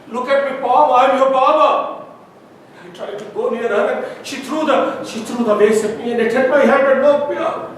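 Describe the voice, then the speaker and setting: A man rehearsing a stage drama plays a frantic, distraught father who stammers and repeats himself while retelling a night with his daughter. Recorded from afar in a very echoey rehearsal room, his high voice comes with steady hiss and a low rumble.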